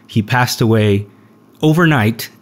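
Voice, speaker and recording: A young man hosting a podcast, telling a story in a relaxed, rambling way with lots of fillers. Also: medium pitch, a little slow. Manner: rambling, laid-back storyteller with frequent fillers. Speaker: podcast host. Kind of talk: casual storytelling chat.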